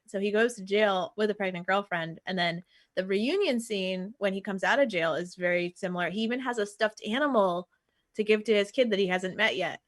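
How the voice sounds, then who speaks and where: A woman walks through a film's plot on a casual podcast, leaning on fillers as she goes. Her voice has a middle pitch. The recording is dry and close. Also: a bit bright, no room sound. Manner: recaps the plot, with frequent fillers and laughs. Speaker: podcast co-host. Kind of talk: casual film discussion chat.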